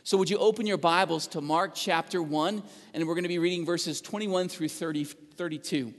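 A man's voice: fairly high pitch, steady tone, moderate pace. A male pastor preaching a sermon and reading scripture aloud, earnest, with fillers and restarts. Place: church sanctuary. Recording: long reverb of a church hall.

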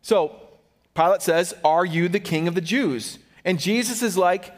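A man preaching a sermon as a pastor, animated, acting out the Bible figures he quotes. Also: sits high, unhurried, in a large hall.

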